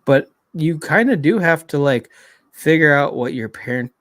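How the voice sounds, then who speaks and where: A man's voice: fairly high pitch, animated, normal speed, fairly bright tone, dry recording. Man, blunt and swearing, rambling casual podcast chat, dry close sound. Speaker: podcast co-host.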